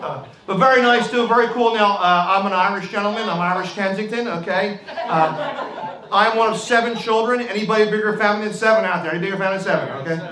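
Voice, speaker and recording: A man's voice: sits high, fast talker. A middle-aged man with a Philadelphia accent doing a rambling, brash stand-up comedy set on a club stage. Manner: brash, rambling, with frequent "all right" and "okay". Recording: echoey club room with crowd noise.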